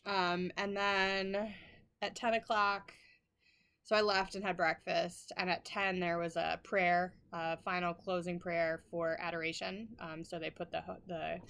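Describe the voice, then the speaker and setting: Woman host, middle-aged, slightly low voice; casual rambling chat, apologetic, near tears. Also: fairly bright tone. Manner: rambling and apologetic, laughing often. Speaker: flosstube host.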